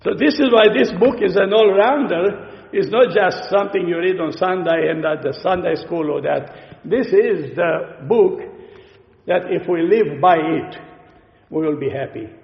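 Slow-talking preacher man in an echoey hall. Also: high voice, vocal fry. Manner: slow, explanatory, with rhetorical questions. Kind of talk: sermon. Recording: echoey hall, dull lo-fi sound.

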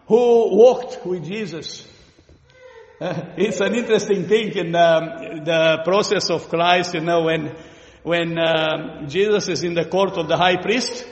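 Romanian-accented guy preaching, kinda high voice, lots of ums and questions to the crowd, big echoey church. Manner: earnest, asks the listeners questions, pauses with fillers. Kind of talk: sermon. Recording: echoey hall with long reverb.

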